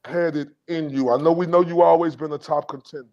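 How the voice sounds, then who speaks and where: A man's voice: a little high, fairly even intonation, a little fast, darkish tone. Man on a dull lo-fi podcast mic. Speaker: podcast host. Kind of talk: interview questions. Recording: dull lo-fi sound.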